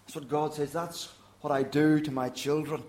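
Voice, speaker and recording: Guy preaching in a roomy church, earnest, gets quiet and soft for the quotes. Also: a little high, flat delivery, moderate pace. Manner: earnest, quoting God's words in a softer voice. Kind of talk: sermon.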